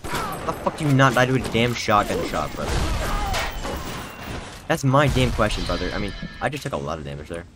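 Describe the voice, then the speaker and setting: Profane, excitable young gamer man. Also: fairly low pitch, brisk, pauses often. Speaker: gaming streamer. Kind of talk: live gameplay commentary. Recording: home mic with game music behind.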